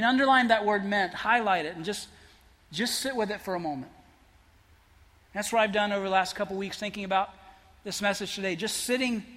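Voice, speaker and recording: Earnest high-voiced preacher in a reverberant hall. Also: male voice. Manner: earnest, builds to emphatic peaks then drops soft. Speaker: pastor. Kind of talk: sermon.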